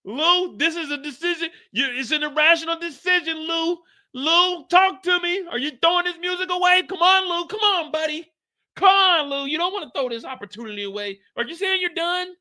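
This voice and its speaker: A man's voice: extremely high pitch, brisk, sharp tone, voice pushed up, full character voice. A man putting on a desperate male record executive who begs in a frantic, whiny way. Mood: frantic pleading. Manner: frantic, whiny begging, repeating a name.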